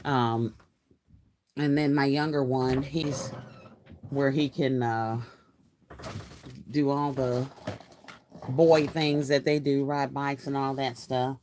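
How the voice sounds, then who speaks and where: A craft channel host, a woman in her fifties, reads viewer comments aloud on a casual live stream, chatty and laughing often and using "y'all" frequently. Her voice is rumbling low and a little mellow, fairly even in intonation, slow and full of pauses, with slight hiss or hum in the recording.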